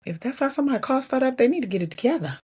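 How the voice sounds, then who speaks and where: A woman's voice: high-pitched, animated, rapid-fire, warm tone, husky. Chatty woman fighting back tears. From Georgia, US. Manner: chatty, candid, laughs and sighs often. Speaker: podcast host. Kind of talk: casual personal vlog talk.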